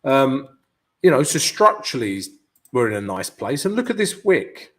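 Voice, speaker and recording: A man hosts a live market analysis stream, thinking out loud over the charts. His pitch swings widely, bouncing up and down through each phrase around a middle register. He keeps tagging lines with "yeah?" and "guys", restarting phrases as he goes. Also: sing-song, normal speed. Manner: peppers talk with "yeah" and "guys" tag questions. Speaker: forex trading channel host.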